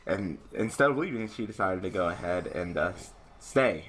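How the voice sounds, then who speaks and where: A young man giving casual gameplay commentary, swearing and ranting in exasperation, swinging between mumbled asides and loud outbursts. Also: deep voice, animated, normal speed, breathy edge. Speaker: gaming channel host.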